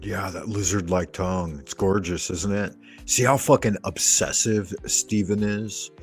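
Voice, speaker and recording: Husky-voiced man ranting with heavy swearing. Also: low voice, measured pace, soft background music. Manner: emphatic, sweary, sarcastic ranting. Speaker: commentary video host. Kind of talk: profane reaction commentary.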